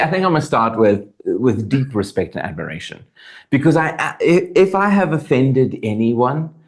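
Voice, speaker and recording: An actor guest from South Africa, a man with a mid-range voice, talks animatedly and earnestly in an interview. He thinks aloud, restarting his thoughts as he goes.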